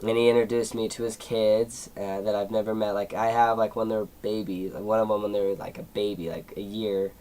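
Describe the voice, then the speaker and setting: A seventeen-year-old YouTuber tells a personal story in a casual vlog, rambling with many fillers and at times getting emotional. His voice is on the low side and warm, with a level tone, fairly quick pace, and few pauses. The recording is rough.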